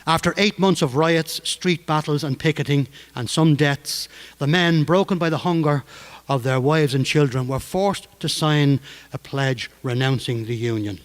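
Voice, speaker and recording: A male storyteller on stage, narrating in a measured, dramatic way. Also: a little high, clean tone. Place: stage performance. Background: guitar.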